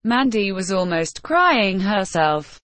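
A woman narrating a story in an even, deliberate reading. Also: medium pitch, no room sound. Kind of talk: scripted narration.

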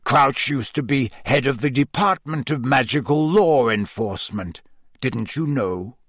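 Man reading as a brooding outlaw wizard, low and measured, bitter edge, dry close sound. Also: a bit bright, dry recording. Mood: grim. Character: grim, brooding adult male wizard fugitive.

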